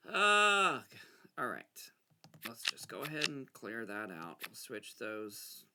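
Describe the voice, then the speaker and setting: A man casually talking himself through a card game, anxious and excitable, arguing with himself as he plays. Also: lowish voice, measured pace, background noise. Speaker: gameplay video creator. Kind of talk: casual talk over a solitaire game.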